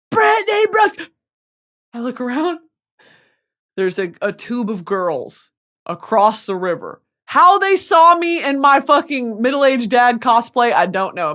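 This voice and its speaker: Animated, profane woman from Texas. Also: on the high side, normal speed. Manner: profane, animated, self-mocking. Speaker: podcast host. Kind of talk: comedic storytelling monologue.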